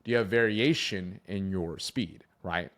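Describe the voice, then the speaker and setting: Lower-voiced male sales coach. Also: a little slow. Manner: animated, shifts emphasis and pace for effect. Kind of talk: coaching talk to camera.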